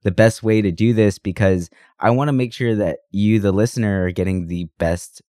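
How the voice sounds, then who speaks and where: Low-voiced podcast co-host, sick. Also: male voice, moderate pace, dark tone, no room sound, studio quality. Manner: rambling, enthusiastic, many fillers. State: sick, under the weather. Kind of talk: casual chat. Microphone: podcast microphone.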